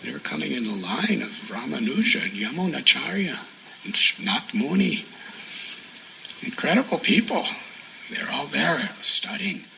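Guy telling a devotional story in a sermon, bright voice, a bit high, soft hushed bits, faint room hum. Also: animated, measured pace, vocal fry, low-quality recording. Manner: soft-spoken, drops to near whispers for emphasis. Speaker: spiritual teacher.

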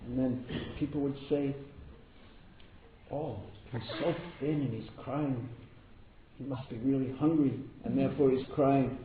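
A man's voice: mid-range voice, steady tone, a little slow, a crowd in the background. A man giving a devotional talk, telling stories and often repeating words for emphasis. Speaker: spiritual teacher. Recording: echoey room over a tinny phone-like line with background noise.

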